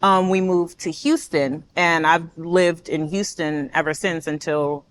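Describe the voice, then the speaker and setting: A young woman born in Nigeria and raised in the States, chatting as a guest and telling her story with animated laughs. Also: low-pitched, unhurried, a little hiss or hum. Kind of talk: casual chat.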